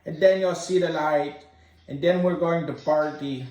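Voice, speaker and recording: A man's voice: high-pitched, moderate pace, dull audio, lightly acted. A man hosting an online talk room as a preachy Rasta guru with a Jamaican accent, calling everyone brother. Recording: echoey, distant online audio.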